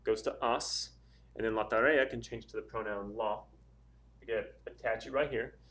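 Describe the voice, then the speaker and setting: A man's voice: fairly low pitch, fairly even intonation, normal speed, fairly bright tone. A man teaching a Spanish grammar lesson in a casual, patient way, working through examples one step at a time with frequent ums and uhs. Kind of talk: casual classroom explanation.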